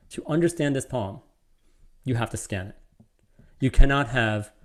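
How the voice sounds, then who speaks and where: A man teaches poetry over a video call, his pitch sitting in an ordinary middle range. He explains step by step, thinking aloud as he works through each point. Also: darkish tone. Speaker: lecturer. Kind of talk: online literature lecture.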